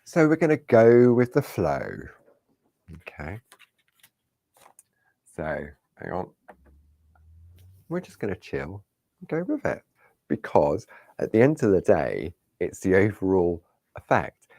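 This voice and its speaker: Deep-voiced, chatty male craft tutor. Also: very animated, slow, pauses often, dark tone, no echo. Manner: chatty, reassuring, talks to viewers. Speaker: crafting demonstrator.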